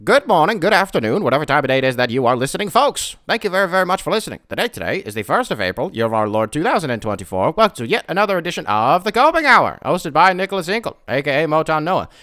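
A man's voice: on the high side, very animated, quick pace, few pauses, pushed and bright, no room sound, clean studio sound, pitched above the performer's own voice. A man voicing a grandiose old-time announcer with a transatlantic accent, in a showy sing-song delivery.

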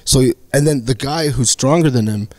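A middle-aged man from Canada, a comedian telling animated stories on a casual podcast and acting out the other people in them. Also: medium pitch, normal speed, no echo. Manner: animated anecdotes with acted-out quotes. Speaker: guest comedian.

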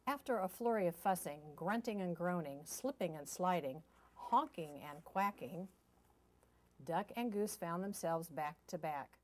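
A woman reading a children's picture book aloud with gentle, expressive storytelling. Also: on the low side, measured pace. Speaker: storybook reader.

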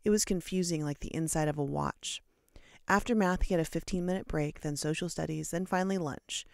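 An audiobook reader narrating a short story in a steady, measured way. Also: mid-range voice, creaky, no echo, clean studio sound. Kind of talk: storybook narration read aloud.

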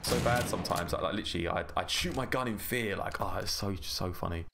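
A man's voice: low voice, quick pace, creaky, noisy background. A man rambling and chatting with an easy laugh while he gives casual gameplay commentary as a gaming YouTuber.

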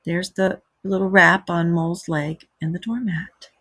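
A woman teacher reads a storybook aloud to children and stops to explain words patiently. Her voice is slightly husky. The sound is dry, with no room echo. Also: lowish voice, steady tone, measured pace, bright, forceful tone.

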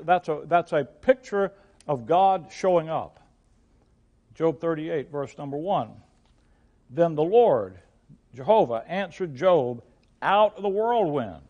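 A man's voice: on the high side, darkish tone, dull audio. An older man, a pastor, teaching through a Bible passage, often restarting and repeating words, and reading verses aloud in old-fashioned wording.

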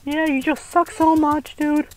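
High-voiced boastful male gamer. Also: little pitch movement, measured pace, low-quality recording. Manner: taunting, boastful and crude, yells at mistakes. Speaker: gamer co-host. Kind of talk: gameplay commentary.

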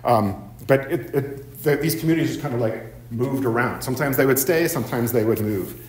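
A man's voice: mid-range voice, fairly quick. A male professor giving a seminar lecture, with many ums and repeated "right?" checks. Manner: frequent ums and tag questions of "right?". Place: university seminar room. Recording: echoey lecture room.

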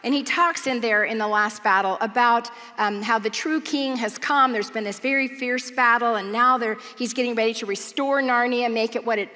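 A woman's voice: fairly high pitch, normal speed, few pauses. Woman preaching in an echoing hall. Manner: animated storytelling, earnest. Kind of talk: sermon. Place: large church auditorium.

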